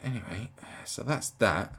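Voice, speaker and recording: A man's voice: fairly low pitch, lively intonation, a little slow, gravelly, a bit bright. A man giving casual reaction commentary in an incredulous, mocking way, laughing often.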